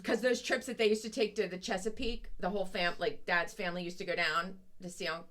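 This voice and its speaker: A woman's voice: mid-range voice, fairly even intonation, fast talker, a bit bright. A woman co-hosting a casual chat show who prods with questions and teasing asides. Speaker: podcast co-host.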